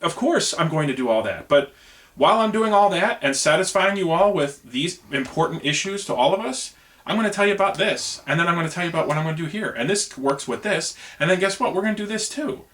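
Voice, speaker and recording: An American truck driver speaks straight to camera in a casual campaign video about running for president. He is earnest and rambling, saying "you know" a lot, with a fairly high, fairly bright voice, lively intonation and a quick pace.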